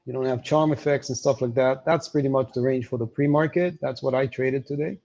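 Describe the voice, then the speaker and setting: A man walking through market levels on a livestream, explaining with many pauses and fillers. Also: mid-range voice, fairly even intonation, a little mellow, dull audio. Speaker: market analyst guest.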